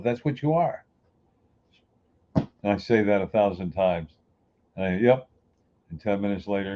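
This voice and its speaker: A man's voice: lowish voice, lo-fi sound. A man giving a folksy, emphatic motivational talk who grew up on the US East Coast. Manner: folksy, emphatic, acts out everyday people. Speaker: inspirational speaker.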